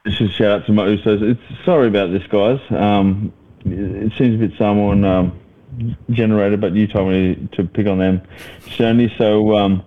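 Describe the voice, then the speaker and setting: A man's voice: on the low side, fairly even intonation, moderate pace. A man co-hosting a casual podcast, blunt and swearing, often breaking into laughter. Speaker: podcast co-host. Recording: dull lo-fi sound.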